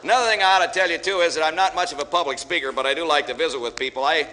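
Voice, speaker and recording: Male after-dinner speaker, fast folksy joke-teller, reverberant hall recording. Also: on the high side, bright, forceful tone. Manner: folksy storyteller, joking with audience. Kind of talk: humorous speech with jokes. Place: large banquet hall with audience. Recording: echoey hall, faint hiss.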